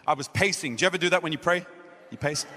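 Bright-voiced Australian man preaching. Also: fairly high pitch, fast. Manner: animated storytelling, acting out his own dialogue. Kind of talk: sermon. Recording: echoey hall.

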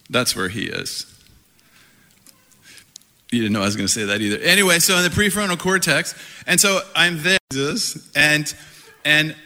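A middle-aged man preaching a sermon, animated and playful, laughing often as he talks. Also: a little high. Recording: hall reverb.

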